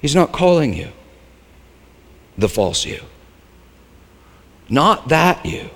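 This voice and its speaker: Lively preaching man in a reverberant hall. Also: slow pace. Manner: lively preaching, jumps between low asides and high shouted lines. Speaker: pastor. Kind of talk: sermon.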